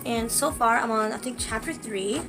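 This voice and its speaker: A woman vlogging casually, gushing and excitable, with lots of fillers. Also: on the high side, moderate pace, background noise. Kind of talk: casual book vlog.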